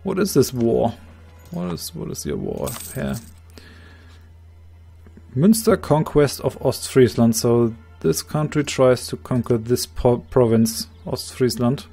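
A man with a slightly hoarse voice calmly explaining his moves, thinking aloud in a strategy game let's play. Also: medium pitch, slow, soft background music. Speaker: game commentator.

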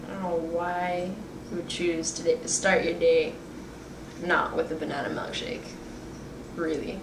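Raspy woman vlogging in an echoey room. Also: fairly low pitch, flat delivery, a little slow, background noise. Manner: chatty, candid, talks to viewers directly. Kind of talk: casual video diary.

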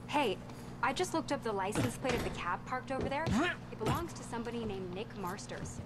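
A woman's voice: fairly high pitch, lively intonation, a little fast, heavy background noise, close to an everyday voice. An actress playing an alert young female investigator, matter-of-fact. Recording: game audio with loud music.

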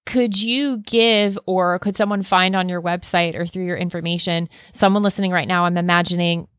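A woman's voice: on the low side, fairly even intonation, moderate pace, a bit bright, smooth, no echo, studio quality. A woman co-hosting a podcast interview, encouraging and affirming toward her guest. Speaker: podcast co-host.

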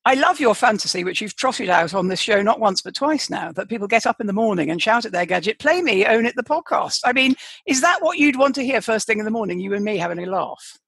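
Husky, gravelly woman in her sixties. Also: medium pitch, animated, quick pace, few pauses, fairly bright tone, dry recording. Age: 60s. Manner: teasing, dry humour. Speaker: podcast co-host. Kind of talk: casual chat.

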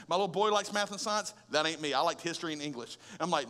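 Male pastor, high bright voice, animated conversational preaching, big reverberant hall. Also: fast. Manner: conversational and animated, with rhetorical questions and humor. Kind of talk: sermon. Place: large church auditorium.

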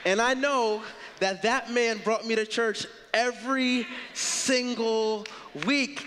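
A man's voice: very high-pitched, steady tone, takes it slowly, bright, forceful tone, a faint crowd, a little hiss or hum. A man preaching a sermon as pastor, earnest and emphatic in a conversational way. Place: church sanctuary. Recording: reverberant church hall.

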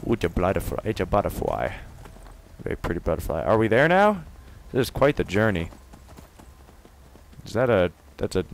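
A man doing let's play commentary, swinging from excited yelling and taunts to quiet muttering. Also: low-pitched, normal speed. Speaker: gamer.

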